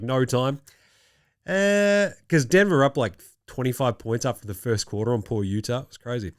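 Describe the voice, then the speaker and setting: A man's voice: mid-range voice, a bit bright, no room sound, studio quality. Jokey Australian man talking hoops. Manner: jokey, rattling off stats. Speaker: host. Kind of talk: casual chat.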